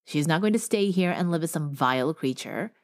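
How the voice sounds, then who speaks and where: A woman's voice: sits low, animated, a little fast. A woman voicing a furious, bigoted young man who sneers insults, in an audiobook. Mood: hostile.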